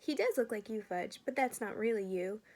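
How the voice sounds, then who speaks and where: A woman's voice: fairly high pitch, animated, normal speed, darkish tone. A woman reading aloud, voicing a mild mother who is amazed.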